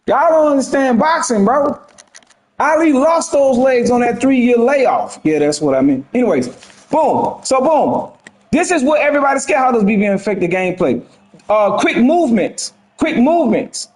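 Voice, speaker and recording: A man giving casual gameplay commentary on a boxing game, slangy and animated, talking straight to his viewers. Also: very high-pitched, moderate pace, reverberant, low-quality recording. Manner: animated, slangy, talks to chat. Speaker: gaming streamer.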